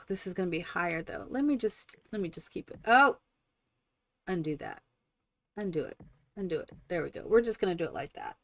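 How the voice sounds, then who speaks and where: Excitable, gushing woman streamer. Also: fairly low pitch, fairly quick, pauses often. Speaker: streamer host. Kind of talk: live-stream chat while building in a game.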